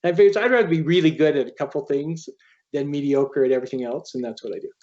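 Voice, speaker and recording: An author telling a personal story as a podcast guest, in an earnest, halting way. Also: male voice, fairly high pitch, a little mellow, highs cut off. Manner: earnest, halting, quoting others as he tells a story.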